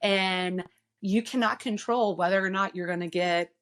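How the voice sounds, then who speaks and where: A woman guest on a podcast who speaks earnestly and reflectively, often pausing with "um" as she gathers her thoughts. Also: medium pitch, steady tone. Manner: earnest, reflective, pauses with frequent "um". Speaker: guest, insurance agency owner. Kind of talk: casual podcast conversation.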